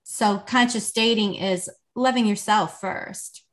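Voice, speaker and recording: Woman coach on a podcast, chatty and animated, lots of "like". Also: medium pitch, slow. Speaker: intimacy coach guest. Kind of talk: casual podcast storytelling.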